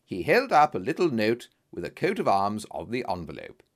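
A man reading a story aloud as narrator, in an expressive, dramatic style. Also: on the low side, normal speed.

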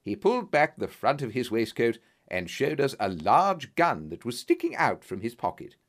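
Man narrating with a very animated pitch. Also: moderate pace. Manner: expressive, dramatic reading. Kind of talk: scripted storybook narration.

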